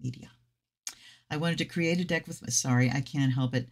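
A woman's voice: very deep voice, moderate pace, long pauses. A woman tarot reader giving a casual deck review, reading passages aloud from a guidebook and breaking off into effusive, chatty personal asides with some swearing.

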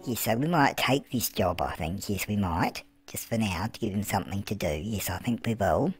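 This gameplay narrator is a man whose voice sits on the low side, expressive and at a moderate pace, playing a gossipy old grandmother. With music behind him, he offers comic asides on a life-sim game, calls everybody "love," and replies to his own questions.

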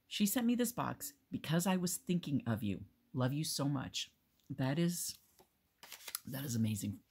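Deep husky woman gushing over gifts. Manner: gushing, affectionate. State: stuffy from allergies. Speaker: crafting vlogger. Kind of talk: casual unboxing chat. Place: home.

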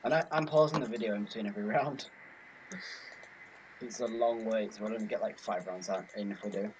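A man chatting with a friend while they play a game together, joking and teasing in a quick, casual way. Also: on the low side, highs cut off, a little hiss or hum. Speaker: gaming partner. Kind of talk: casual gameplay chat.

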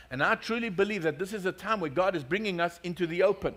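A male pastor with a notably high voice delivers a sermon. He tells stories and jokes with his congregation. His delivery stays lively and conversational. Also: fast talker, hardly any pauses. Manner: storytelling, joking, lively.

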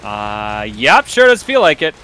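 A man giving casual, jokey commentary while playing a co-op game, quick to laugh. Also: mid-range voice, huge pitch swings, background noise. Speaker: co-op gamer.

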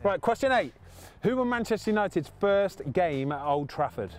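A man hosting a football shootout quiz with a lively, bouncing voice pitched a bit high. He teases the players between questions in loose banter, with faint music running under the talk. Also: moderate pace. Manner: teasing, reads quiz questions aloud. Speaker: goalkeeper host running a football challenge. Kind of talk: casual banter and quizmaster.

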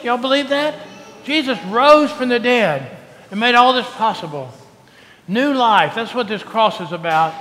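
A man's voice: sits high, fairly bright tone, in a large hall, slight background noise. A male pastor giving a coaxing, call-and-response children's sermon in a church. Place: church sanctuary.

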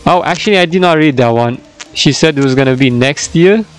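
A young man doing rambling voice-over commentary on his own gameplay, laughing often and getting loud when excited, recorded at his home computer. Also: on the high side, fairly quick, smooth, faint music behind, poor audio. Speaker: gaming YouTuber. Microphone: desktop microphone.

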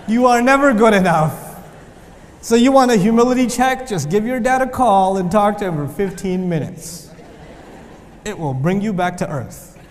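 A male teacher with a notably high voice lectures students in a big, echoing hall. He keeps things animated with joking asides, then drives points home by repeating them. The long reverb of the room trails after each phrase. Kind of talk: lively lecture with humor.

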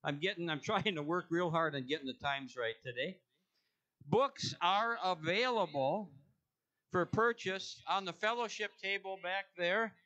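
A man's voice: high-pitched, a little slow, bright, forceful tone. Joking man giving church announcements. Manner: joking, rambling, self-correcting. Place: church sanctuary.

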